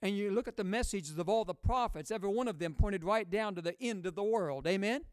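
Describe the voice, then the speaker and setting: High, ringing preacher man. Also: brisk, a little mellow, clear, resonant tone, no echo. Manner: emphatic, call-and-response preaching; booming rises on key words. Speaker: pastor. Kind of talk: sermon.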